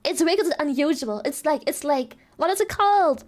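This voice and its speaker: German streamer girl, really high voice, swears a lot, laughs through her rants. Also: fairly quick. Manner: profane, laughing, animated ranting. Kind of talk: casual stream chat.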